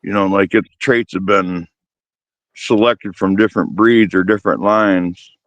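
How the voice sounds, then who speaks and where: A man's voice: low voice, fairly even intonation, unhurried, a bit bright, dry recording, dull audio. A man who breeds working dogs, explaining his views in an easygoing way, with many fillers. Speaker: dog breeder guest. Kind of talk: casual podcast discussion.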